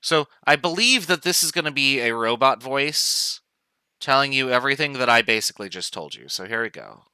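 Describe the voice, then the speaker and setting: A man teaching a chemistry class online, explaining in a relaxed, informal way with side remarks. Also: mid-range voice, fairly quick, clear, resonant tone, no echo, rough recording. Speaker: chemistry professor. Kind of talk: casual online lecture.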